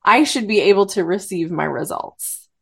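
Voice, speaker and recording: A woman's voice: mid-range voice, animated, normal speed, vocal fry, husky. Supportive woman in casual podcast chat. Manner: supportive, short agreeing replies before making her point. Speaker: podcast co-host.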